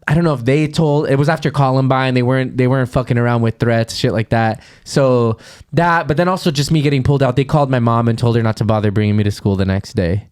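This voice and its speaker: Smooth-voiced man telling a rambling story. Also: mid-range voice, quick pace, a little mellow. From Los Angeles area, USA. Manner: rambling, candid storytelling full of "like" and "um". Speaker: podcast co-host. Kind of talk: casual chat.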